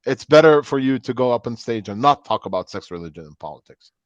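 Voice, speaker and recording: A man speaking in a middle-range voice as a guest comedian tells relaxed, candid stories. The sound is dry and close, with a dull lo-fi tone. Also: mid-range voice, fast talker, no room sound. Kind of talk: casual chat.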